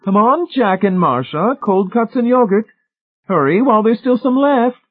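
A man reading aloud, voicing a bossy middle-aged woman who gushes in a high voice. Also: unhurried, breathy edge. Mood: calling. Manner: high gushing calls. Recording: tinny phone-like band.

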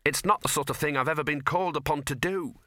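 A man's voice: a little high, quick pace, bright, forceful tone, no echo, clean studio sound, pitched above the performer's own voice. A man voicing a blustering, irritable elderly male wizard in an audiobook.

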